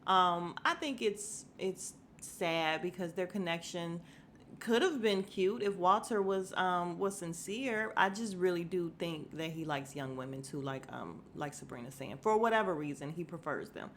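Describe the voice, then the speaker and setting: A woman's voice: fairly low pitch, measured pace, a bit bright, slight background noise. A woman hosting a podcast, chatting casually and gossiping through a reality show recap, talking to her listeners with fillers and asides. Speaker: podcast host.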